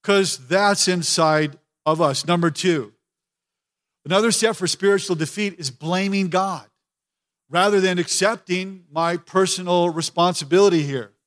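A man preaching a sermon as pastor, emphatic and expressive, acting out anguished prayers with repeated words. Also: sits high, measured pace. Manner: expressive preaching, voicing pleading prayers to God.

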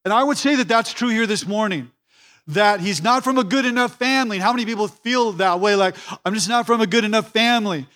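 A man's voice: high voice, fast, fairly bright tone. A man pastor preaching a sermon in a church, repeating key phrases for emphasis and acting out the voices he quotes.

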